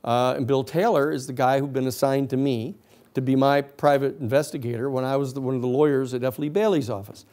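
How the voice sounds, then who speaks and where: Animated male lawyer telling a story. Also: medium pitch, brisk. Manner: animated storyteller acting out quoted voices, laughing often. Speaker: lecturer and lawyer. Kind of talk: storytelling lecture.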